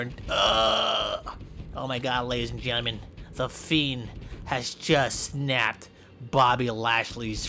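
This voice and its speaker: A young man giving goofy, excitable play-by-play commentary over a game, yelping and shouting in mock pain. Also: mid-range voice. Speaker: gameplay commentator.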